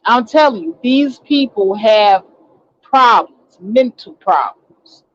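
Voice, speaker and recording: A woman from Chicago who hosts an online talk show tells a story in a casual, indignant, ranting monologue, acting out what people said. Her voice is on the high side and expressive, her pace is slow, and the audio sounds dull.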